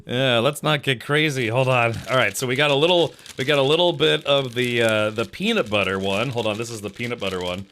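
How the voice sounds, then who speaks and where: A man's voice: mid-range voice, a little fast, hardly any pauses, a little hiss or hum. A man streaming live, chatting casually with his chat while eating, laughing and murmuring with his mouth full. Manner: animated, laughing, savoring food aloud with mouth-full murmurs.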